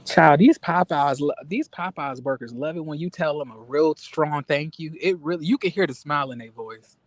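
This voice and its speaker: A man's voice: a little high, normal speed, no room sound. Dry-miked joking man on a call. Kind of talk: casual chat.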